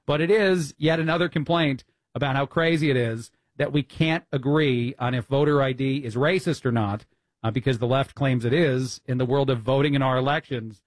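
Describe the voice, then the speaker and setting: A man's voice: medium pitch, fairly quick, dry recording. A man with a New Jersey accent, filling in as a talk radio host, talking politics in a chatty, opinionated way with plenty of fillers. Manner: opinionated, conversational, many fillers.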